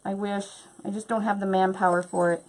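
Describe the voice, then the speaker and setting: A woman's voice: medium pitch, little pitch movement, brisk, a little mellow. Chatty woman demonstrating a craft. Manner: chatty, bubbly, talks while working. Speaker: craft tutorial host.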